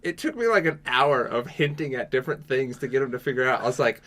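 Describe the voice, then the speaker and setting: A man co-hosting a podcast, telling stories in a relaxed casual chat that often trails off low. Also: quick pace. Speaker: podcast co-host.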